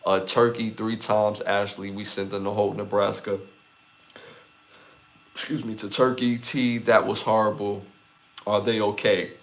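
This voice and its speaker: A man with a Brooklyn accent hosting a live podcast, chatting loosely with viewers and repeating his phrases. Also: on the low side. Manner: repeats phrases, gives shout-outs, loose slangy delivery. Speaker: podcast host.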